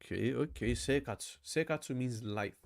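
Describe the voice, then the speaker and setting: A man's voice: medium pitch, moderate pace, gravelly. Chatty man repeating words aloud. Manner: thinks aloud, repeats words, says "bro" often. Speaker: language learner vlogger. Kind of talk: casual study vlog.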